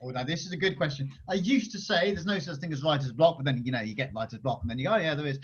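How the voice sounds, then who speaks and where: A male children's author answering schoolchildren's questions on a video call, chatty and energetic with many restarts. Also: a little high, fast talker. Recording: dull lo-fi video call audio.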